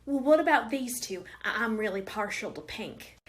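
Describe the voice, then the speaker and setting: A woman putting on a prim older lady who shocks easily, in a comedy sketch. Her voice sits fairly high, and she is genteel and polite, calling people darling. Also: animated, normal speed, close to an everyday voice. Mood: flustered.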